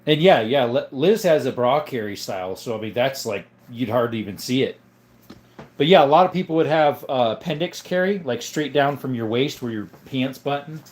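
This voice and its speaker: A man hosting a casual livestream, chatting in a relaxed, rambling way and answering viewers. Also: medium pitch, moderate pace. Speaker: livestream host.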